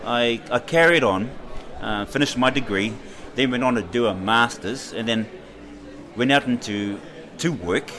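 Speaking in a mid-range voice, a middle-aged man with a New Zealand accent recounts his own experiences as an interview guest. The storytelling is unhurried and reflective, full of hesitations, and lively whenever he quotes others.

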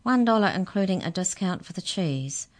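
A woman voicing a tall female giant pastry cook with a high, booming voice in a storybook reading. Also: expressive, normal speed, natural voice.

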